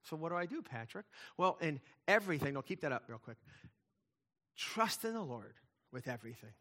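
A man's voice: fairly high pitch, very animated, brisk, bright, forceful tone. A middle-aged male pastor preaching a sermon, emphatic, with intensity that swells and drops back.

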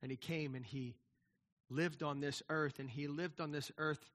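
A man's voice: a little high, steady tone, measured pace, a bit bright. A middle-aged man preaching a sermon in a conversational way, often restarting and asking "right?". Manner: conversational preaching, many repeated words and restarts, asks "right?". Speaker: pastor.

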